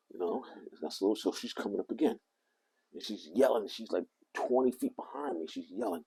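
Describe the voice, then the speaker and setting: An older man with a deep, gravelly voice tells a meandering story straight to camera. His husky delivery rises and falls in lively swings as he backtracks and corrects himself along the way. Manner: animated, meandering, self-correcting. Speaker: vlogger. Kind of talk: rambling anecdotal storytelling.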